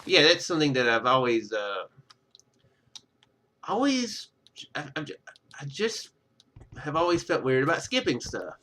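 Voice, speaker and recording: A man talks casually over a video game in an unhurried, rambling way. His voice is bright and forward, and he stammers and cuts himself off with chuckles. He records through a simple webcam microphone. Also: on the high side, very animated, a little hiss or hum. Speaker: gaming YouTuber. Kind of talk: rambling casual gameplay commentary.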